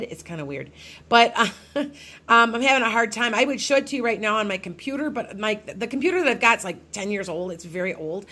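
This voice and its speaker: A woman's voice: mid-range voice, a bit bright. A middle-aged woman, a psychic medium, telling a personal ghost story to her followers in a casual, rambling way with many restarts.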